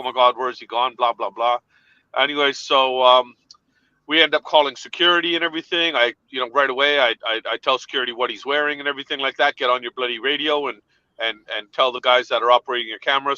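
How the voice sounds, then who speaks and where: A man telling an animated story in a casual chat, laughing along as he goes. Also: mid-range voice, quick pace, clean tone, no echo, lo-fi sound.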